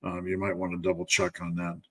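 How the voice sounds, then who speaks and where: A man's voice: low-pitched, completely flat delivery, fairly quick, breathy edge. A man hosting a live stream Q&A as a strength coach, talking candidly and bluntly with lots of fillers.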